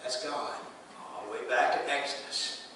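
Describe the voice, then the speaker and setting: In a church sanctuary, a pastor preaches a sermon in a bright, forceful, mid-range voice at normal speed, speaking plainly and posing questions to the congregation. The recording is echoey, captured from a distance in the hall, with slight background noise.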